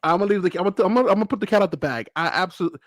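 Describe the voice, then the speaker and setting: A fairly high-voiced man from Brooklyn telling animated stories in a loose chat, jumping into loud impressions of the people he quotes. The sound is dry and close. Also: rapid-fire, no echo. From Brooklyn, New York. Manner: animated storyteller who acts out quotes loudly. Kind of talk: casual chat, animated storytelling.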